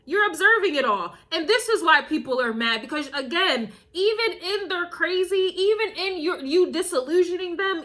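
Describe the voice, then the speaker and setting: A woman's voice: high-pitched, lively intonation, moderate pace, hardly any pauses, bright, forceful tone. A woman doing a casual spiritual tarot reading, emphatic and repetitive, chuckling now and then and calling the listener baby. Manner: emphatic, repeats phrases, chuckles often, calls listener baby. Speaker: tarot and astrology reader.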